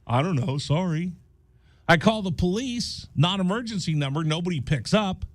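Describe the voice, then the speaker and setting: A man's voice: high voice, normal speed, no echo, clean studio sound. A man hosting a radio show, chatting casually and acting out the people in his story. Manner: animated, acts out voices in his story. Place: radio studio.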